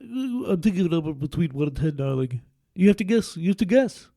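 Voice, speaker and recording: Brief: man imitating a theatrical old conductor, nasal and doting, pitched high and pushed loud. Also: lively intonation, brisk, gravelly, no echo. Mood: doting, coaxing. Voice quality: nasal, nose held shut. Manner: coaxing and theatrical, says darling often. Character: pompous older male conductor, nasal, doting.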